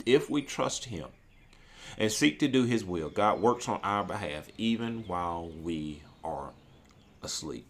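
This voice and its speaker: A man who works at a church, preaching an earnest sermon and reading scripture slowly, often repeating key phrases. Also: deep voice, lively intonation.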